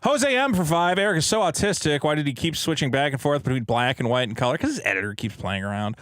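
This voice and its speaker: Brief: male podcast co-host from Massachusetts, chatty and wry, lively pitch, dry close mic. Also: fast talker, no echo. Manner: chatty, laughs easily, wry. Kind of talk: casual chat, reading viewer messages.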